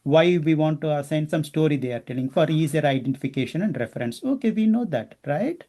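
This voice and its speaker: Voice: medium pitch, lively intonation, fast talker, warm tone. An instructor teaching a class step by step and often checking in with the students. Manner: explains step by step, often asking the class questions.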